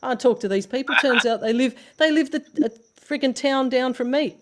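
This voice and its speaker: A woman's voice: high voice, a little fast, background noise. Blunt Australian woman telling stories. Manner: blunt storytelling with swearing and acted-out quotes. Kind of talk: casual chat.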